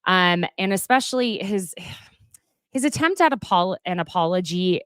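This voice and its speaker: A young woman chats on her live stream in a low voice, rambling and laughing as she goes. The sound is close and dry, with no room around her. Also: expressive, a little slow, fairly bright tone, smooth, no room sound. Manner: chatty, rambling, laughs often. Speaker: host of a live gossip stream. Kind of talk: casual live-stream chat.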